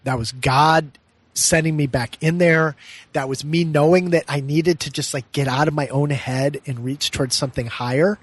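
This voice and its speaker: Earnest middle-aged man, slightly high voice. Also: steady tone, normal speed, husky, no echo. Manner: earnest and reflective, often laughing softly mid-sentence. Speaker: meditation teacher and podcast guest. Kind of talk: heartfelt personal storytelling in conversation.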